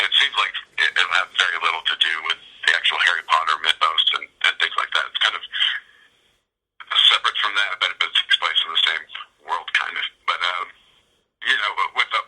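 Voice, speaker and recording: Low-voiced guy on a movie podcast, really sharp bright tone, umms and restarts a lot. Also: fairly even intonation, brisk, husky, rough recording. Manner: hesitant, many restarts and fillers. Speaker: podcast co-host. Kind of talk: casual film discussion.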